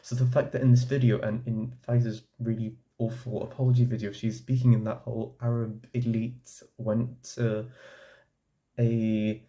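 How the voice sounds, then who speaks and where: A man's voice: medium pitch, level tone, moderate pace, mellow. A young man talking casually to camera, giving his opinion in a rambling way with lots of "like" and restarts. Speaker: vlogger.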